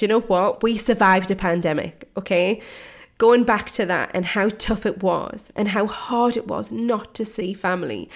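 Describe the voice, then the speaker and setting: A woman hosts a motivational podcast, speaking straight to the listener like a coach. Her voice sits at an ordinary pitch but carries a gravelly, fry-tinged texture. She sounds earnest and encouraging.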